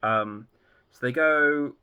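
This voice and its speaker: A man's voice: medium pitch, slow, clear, resonant tone, phone-quality sound. A man casually talking through the plot of an episode he has written, rambling loosely with lots of fillers. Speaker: fan writer outlining his own series.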